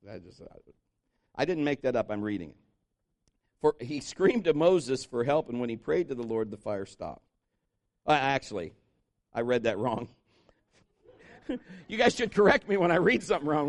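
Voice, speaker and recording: A man preaching a sermon, telling jokes and stories and breaking into loud shouted impressions. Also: medium pitch, moderate pace, long pauses. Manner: animated, jokey storytelling with shouted impressions. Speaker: pastor.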